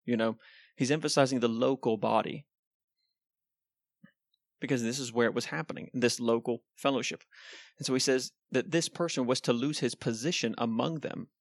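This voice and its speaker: A man's voice: medium pitch, normal speed, long pauses, no room sound. A man preaching a sermon in an earnest, conversational way, with frequent ums and asides.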